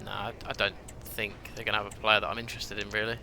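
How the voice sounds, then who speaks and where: A man's voice: fairly low pitch, flat delivery, fast talker, vocal fry, bright, forceful tone, a little hiss or hum. A young man chatting to his viewers as he streams a football management game, thinking aloud, ranting and reacting as he goes. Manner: chatty, talks to viewers, rants and exclaims. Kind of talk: casual gameplay commentary.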